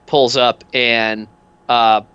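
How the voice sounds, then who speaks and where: A man's voice: mid-range voice, level tone, extremely slow, fairly bright tone, clear, resonant tone. A man narrating as game master in a casual, rambling way with many fillers, on dull lo-fi audio.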